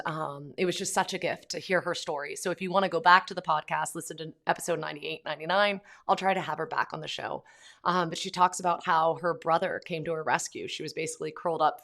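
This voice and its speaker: Low-voiced woman podcaster, earnest. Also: fairly bright tone. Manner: earnest, conversational, many fillers. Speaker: podcast host. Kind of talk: casual monologue.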